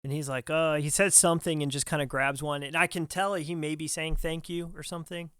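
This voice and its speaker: A young man with a fairly high voice spins a story as a podcast guest. He slips into other people's voices for quick quoted lines. The sound is dry and close, with no room around it. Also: flat delivery, a bit bright, clear, resonant tone, dry recording. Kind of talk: animated storytelling in casual conversation.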